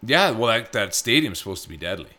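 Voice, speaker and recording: A man bantering as a co-host in a casual chat. His voice is bright, with a lively, swinging pitch, and he jokes often. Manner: joking, quick banter. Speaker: podcast co-host.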